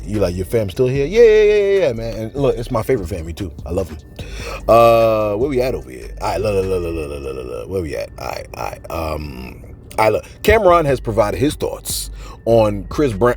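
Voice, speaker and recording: Animated joking man with lively pitch. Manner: animated, jokey, talks straight to viewers, acts out quotes. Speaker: celebrity gossip show host. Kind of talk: joking commentary on celebrity news.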